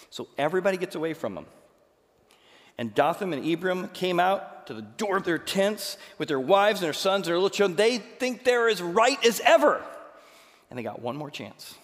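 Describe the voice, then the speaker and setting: Male pastor, high voice, acts out a story in his sermon and swings between loud and hushed; reverberant hall. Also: expressive, moderate pace.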